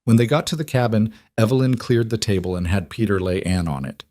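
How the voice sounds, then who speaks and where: A man reading a Western story aloud, in a calm and measured narration. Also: fairly low pitch, dry recording, clean studio sound.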